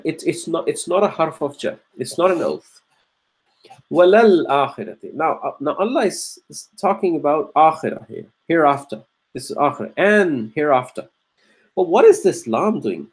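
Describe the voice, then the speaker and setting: A man teaching Quranic Arabic grammar, explaining step by step with frequent restarts and throat-clearing, and chanting verses between explanations. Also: fairly high pitch. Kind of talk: grammar lesson.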